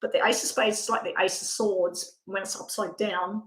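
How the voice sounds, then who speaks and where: A woman's voice: medium pitch, steady tone, normal speed, a bit bright, echoey room, poor audio. A woman giving a live tarot card reading, talking in a chatty, rambling way and breaking off mid-thought. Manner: chatty, rambling, self-interrupting. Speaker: tarot reader.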